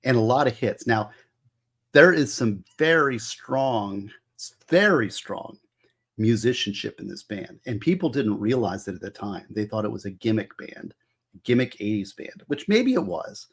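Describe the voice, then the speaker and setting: Husky-voiced man chatting about music. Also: on the low side, very animated, a little slow, fairly bright tone. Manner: rambling, enthusiastic, fond of trivia, restarts phrases. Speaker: host. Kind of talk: casual livestream chat about music.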